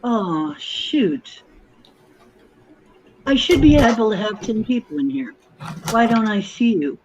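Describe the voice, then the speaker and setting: A host on a video call sorts out a live stream, talking things through out loud. The delivery is slow and unhurried, with a middle pitch. The host sounds a little frazzled as one setting after another fails. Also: animated, highs cut off, slight background noise. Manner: flustered, thinking aloud while fiddling with settings. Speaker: podcast host. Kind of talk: casual live-stream tech troubleshooting.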